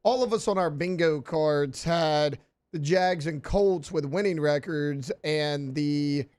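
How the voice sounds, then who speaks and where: Man, fairly high voice, relaxed sports debate, rhetorical questions. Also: slow pace, smooth. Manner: easygoing, argues his point with rhetorical questions. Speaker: sports radio regular. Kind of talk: casual sports talk. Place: radio studio.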